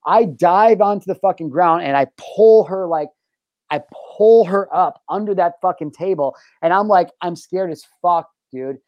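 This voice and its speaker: A man's voice: high-pitched, moderate pace, no room sound, dull audio. A young adult man telling a personal story in casual chat, with lots of swearing and "bro". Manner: profane, animated, says "bro". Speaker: guest.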